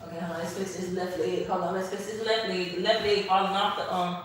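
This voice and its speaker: A woman's voice: on the low side, little pitch movement, fast talker, few pauses, recorded from a distance, a little hiss or hum. A woman hosting a casual stretching livestream, chatty and sassy, talking straight to her viewers and a little winded from the effort. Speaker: livestream host doing a stretching session. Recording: very echoey room, voice off-mic.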